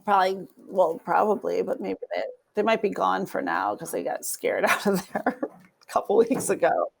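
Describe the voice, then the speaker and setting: A woman co-hosts a podcast and chats casually, adding short quips. Her pitch moves freely and her voice has a gravelly fry. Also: expressive. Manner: quick agreeing quips. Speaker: podcast co-host. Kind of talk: casual chat.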